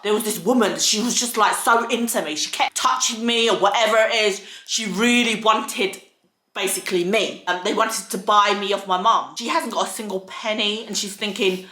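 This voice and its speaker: A woman's voice: medium pitch, normal speed, pushed and bright, roomy sound. A young woman from the UK, telling a personal story in an earnest, candid, slangy way. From United Kingdom. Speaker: vlogger. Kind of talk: casual storytelling. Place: home filming set.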